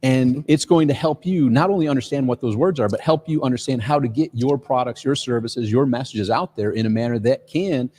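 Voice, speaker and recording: A man's voice: mid-range voice, fairly quick, few pauses, mellow, husky. A man co-hosting a live stream, speaking in an upbeat promotional way. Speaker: co-host.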